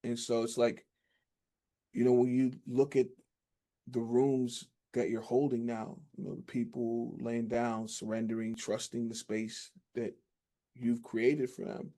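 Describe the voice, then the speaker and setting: Male host, mellow warm voice, thoughtful and affirming. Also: mid-range voice, flat delivery, unhurried. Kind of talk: interview conversation.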